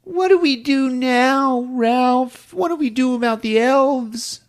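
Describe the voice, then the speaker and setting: A man doing a whiny little girl in falsetto. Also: takes it slowly, full character voice. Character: small pleading little girl.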